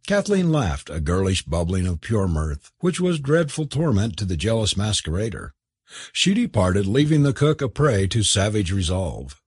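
A man reads a novel aloud in a measured, expressive storytelling style. His voice is husky and his pitch moves a lot. The sound is dry and close, with no room echo. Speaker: narrator. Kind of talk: scripted audiobook narration.

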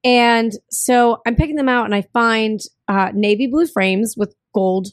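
With a fairly high voice and a measured pace, a young woman co-host tells stories in casual podcast chat, performing what others said in quoted dialogue. It's recorded with studio quality and no echo.

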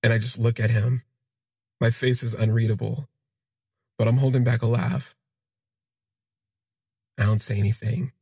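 A man telling a personal story in the first person, in a halting, reflective way that trails off and restarts. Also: mid-range voice, little pitch movement, warm tone, breathy edge, no echo, studio quality. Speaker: podcast storyteller.

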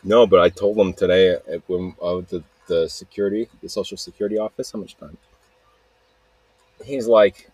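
A man's voice: low voice, normal speed, darkish tone, breathy edge, no echo, low-quality recording. A man hosting a solo podcast, rambling and swearing, often cutting himself off mid-sentence, recorded outdoors. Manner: rambling, profane, self-interrupting. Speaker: podcast host.

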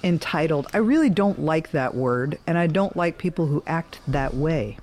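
A woman who works as a realtor and bartender, chatting casually and telling a story in a blunt, animated way, clearing her throat now and then. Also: deep voice, moderate pace.

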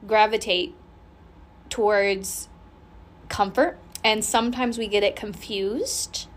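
A woman hosting her own podcast, chatting casually in a bubbly, rambling and candid way, swearing freely. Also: a little high. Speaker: podcast host. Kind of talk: casual solo podcast chat.

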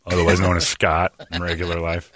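A man's voice: low-pitched, monotone, brisk, fairly bright tone, dry recording, studio quality. A man hosting a talk show, joking around and laughing as he butchers mock Spanish phrases. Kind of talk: casual comedic banter.

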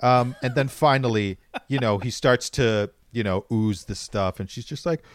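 A man's voice: medium pitch, normal speed, no echo. A man chatting casually about a movie, hesitant at times and acting out characters' lines. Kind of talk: casual movie review chat.

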